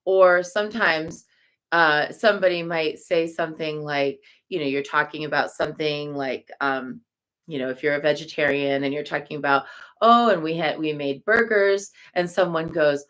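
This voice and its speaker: A woman giving a relaxed spoken teaching, slow and searching, with fillers and soft laughs and chanted syllables as examples. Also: low voice. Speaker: Buddhist teacher.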